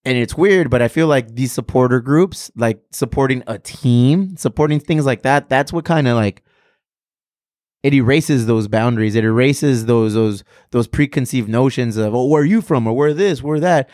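A man in his thirties from Southern California, telling stories in a casual podcast chat with lots of swearing and animated energy. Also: mid-range voice, moderate pace, no room sound, clean studio sound. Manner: animated, profane storytelling.

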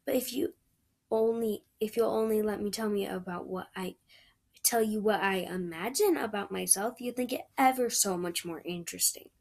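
A woman's voice: mid-range voice, normal speed, creaky, darkish tone. A woman voicing a chatty, dreamy eleven-year-old red-haired girl who gushes in romantic chatter. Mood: gushing, dreamy. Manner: breathless, gushing, romantic chatter.

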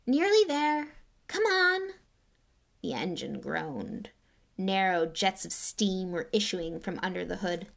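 A woman's voice: on the low side, gravelly. A woman narrating a storybook aloud, dramatic, dropping to a whisper at tense moments. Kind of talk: audiobook reading.

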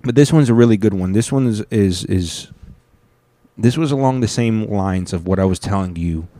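A man's voice: lowish voice, moderate pace, mellow, dry recording. A man casually reacting to online videos in rambling commentary laced with swearing. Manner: rambling, swears a lot, restarts.

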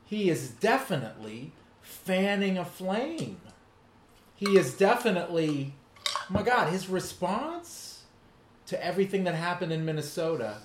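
A man's voice: high-pitched, big pitch swings, a little slow. Earnest man in an echoey room. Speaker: podcast co-host. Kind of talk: casual chat. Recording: echoey room with faint noise.

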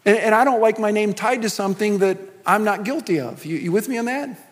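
A man's voice: high voice, a little fast. A middle-aged man preaching a sermon as pastor, talking in a loose, joking way with many asides. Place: large church hall. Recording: long hall reverb.

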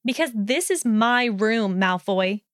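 A sharp young witch who answers crisply and haughtily, as a woman voices her in a reading. The sound is smooth and dry, right up on the mic. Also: a little high, animated, slow pace, no echo.

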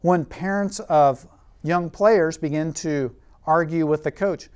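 Brief: male preacher, sermon with stories, goes soft and quiet to make a point. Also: on the high side, slow pace, clean tone. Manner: storytelling, drops to a soft, quiet voice for emphasis.

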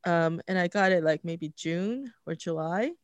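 A podcast host talking in a relaxed, hesitant way, with many fillers and restarts, recorded at home. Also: medium pitch, measured pace, dry recording. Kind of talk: casual conversation.

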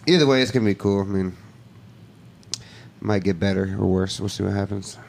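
A man's voice: fairly low pitch, a little fast, gravelly, darkish tone, slight background noise. A man in his thirties co-hosting a casual podcast, laid-back, laughing and swearing about work and family. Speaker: podcast co-host. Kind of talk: casual chat.

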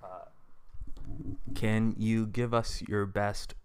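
A man's voice: on the low side, little pitch movement, extremely slow, clear, resonant tone. A man co-hosting a casual podcast, teasing his guest as he runs a quiz game. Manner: playful quiz-master, teasing. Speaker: podcast co-host. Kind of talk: casual chat.

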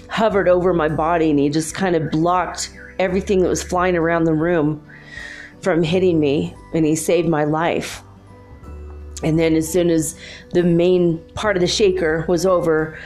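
A woman in her fifties, telling a childhood story in an animated, confiding way. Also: sits low. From Los Angeles, USA. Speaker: spiritual speaker. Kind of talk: storytelling monologue.

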